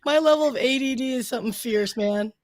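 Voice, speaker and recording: Chatty woman cohost, kinda high voice, rambles excitedly, dry close sound. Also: a little fast, no echo. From Southern Oklahoma. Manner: bubbly, rambling, enthusiastic. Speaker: co-host and producer. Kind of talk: casual chat.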